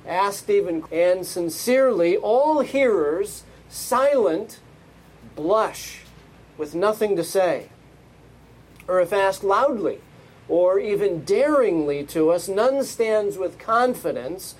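Slow, deliberate high-voiced preacher man. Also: expressive, poor audio. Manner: slow, deliberate preaching with emphatic rhetorical questions. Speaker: pastor. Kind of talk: sermon.

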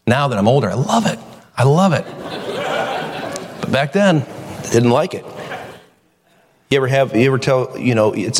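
A middle-aged male pastor preaching a sermon in a folksy, animated storytelling manner, jumping into high voices to act out quotes. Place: church sanctuary. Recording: long hall reverb.

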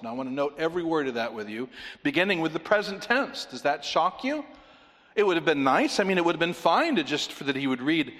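A man preaches with earnest conviction, building from calm reasoning to emphatic pleading. His voice carries a long reverb tail, as though it fills a church sanctuary. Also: on the high side, normal speed. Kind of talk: sermon.

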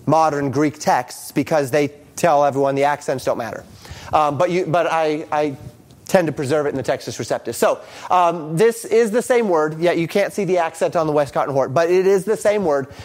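A man teaching a Bible lesson on Greek grammar, reading translations aloud, speaking haltingly with many ums and restarts. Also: on the high side. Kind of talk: screen-share Bible lesson.

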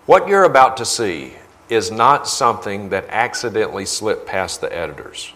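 A man's voice: on the low side, lively intonation, normal speed, a bit bright. A man preaching as a guest speaker, indignant and emphatic, repeating phrases for force. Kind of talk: sermon with video commentary.

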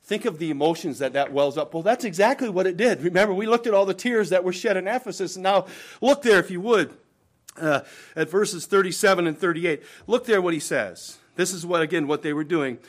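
A man delivering a sermon in a fairly high-pitched voice. He preaches emphatically, swelling in volume on key points and sinking low and soft as phrases close, often addressing his listeners as brethren. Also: fairly quick. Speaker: pastor.

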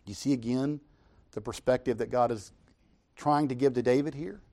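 A man's voice: medium pitch, steady tone, moderate pace, dark tone. A man preaching a sermon, retelling scripture with emphatic, dramatic paraphrase.

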